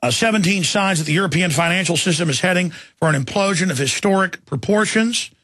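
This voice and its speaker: A man hosting a talk radio show, ranting fast and fervently about the news. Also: high voice, a bit bright, no echo, clean studio sound. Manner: fervent, mocks opponents in put-on voices.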